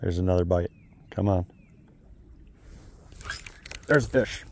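A man, an outdoor vlogger talking excitedly to viewers while fishing on a riverbank. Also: low voice, slow pace, slight background noise. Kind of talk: excited outdoor narration to camera.

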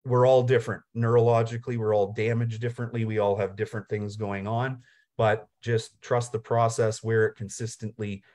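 A man's voice: lowish voice, little pitch movement, normal speed, darkish tone. A man who is a guest on an online session, talking casually and persuasively in an earnest way, often repeating words. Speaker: guest team member. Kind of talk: casual talk. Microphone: video call.

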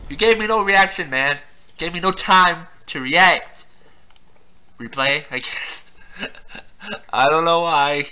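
A man's voice: on the high side, slow, long pauses, bright, forceful tone, clear, resonant tone. A young man giving casual let's-play commentary, laughing often, swearing and yelping at surprises in the game. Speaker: gameplay commentator.

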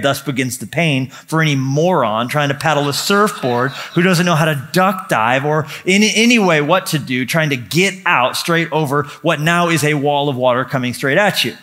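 Pastor, man, middle-pitched voice; conversational, animated sermon storyteller who restarts often. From United States. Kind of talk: sermon with scripture reading and prayer.

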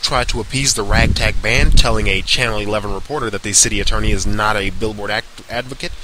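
Man reading aloud over a noisy hiss. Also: medium pitch. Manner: stumbles and corrects himself while reading. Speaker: commentator reading an article aloud. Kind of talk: reading a news article aloud with sarcastic asides.

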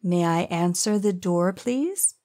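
A man voicing a frightened but firm young woman in an audiobook, speaking softly and carefully. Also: expressive, takes it slowly, no echo, clean studio sound. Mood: polite. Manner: soft raised pitch, careful pleading delivery. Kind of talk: audiobook character voice.

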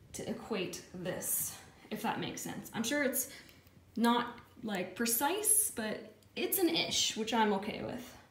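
Woman painter, casual how-to voice, chatty and a bit jokey; slightly high, echoey room. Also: slight background noise. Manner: chatty, jokey, thinks aloud through the math. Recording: echoey room with faint ambience.

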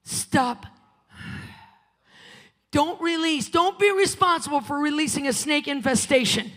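A woman preacher giving a fiery sermon in a church, swinging between shouting and hushed whispers. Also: sits high, animated, unhurried. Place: church sanctuary. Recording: long church-hall reverb.

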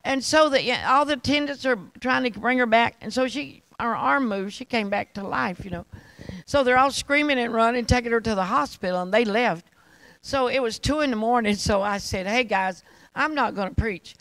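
Older woman preacher, gravelly, animated storyteller, dry close sound. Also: on the high side, normal speed, no echo, poor audio. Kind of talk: testimony sermon with anecdotes.

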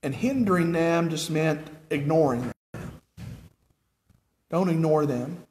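Earnest American male preacher with a high voice. He preaches in a reverberant church hall. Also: slow, darkish tone, slight background noise. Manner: earnest, asks the congregation repeated questions. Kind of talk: sermon. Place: church sanctuary with nearly empty pews.

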